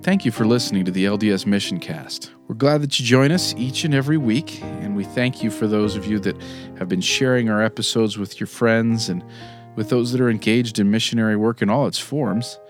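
A man's voice: on the low side, brisk, over music. A man hosting a podcast, closing the episode in an easygoing way and asking listeners for reviews. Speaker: podcast host. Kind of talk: show outro.

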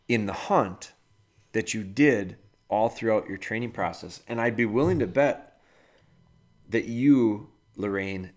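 A podcast host with a fairly low voice casually offers a listener dog-training advice, addressing her directly and using homely analogies.

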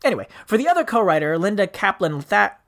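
A man's voice: sits high, very animated, fast, vocal fry, a bit bright. A middle-aged man hosting a holiday podcast in a jokey, goofy way, tripping over names. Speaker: podcast host. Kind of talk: jokey casual chat.

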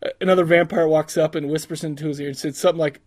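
A man's voice: a little high, fairly even intonation, rapid-fire, darkish tone, dry recording. A man co-hosting a casual movie review podcast, rambling with restarts, crude jokes and frequent laughter. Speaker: podcast co-host.

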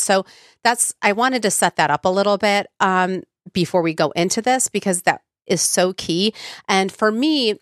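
A woman's voice: lowish voice, no room sound, studio quality. A woman hosting a podcast, talking casually with many ums and you-knows, her voice congested from a cold. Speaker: podcast host. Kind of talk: casual solo podcast talk.

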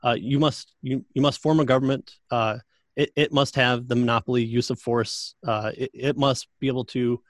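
A man talks through his views about church and society. He has a dry, close sound at a middle pitch and a halting, thoughtful delivery. He often stops and restarts while he works out his point. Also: steady tone, dry recording. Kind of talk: casual conversation.

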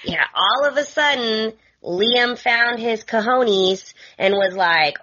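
A woman co-hosting a podcast in casual chat, animated and quick with exasperated asides. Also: a little high, muffled recording. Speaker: guest co-host. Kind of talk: casual soap opera recap chat.

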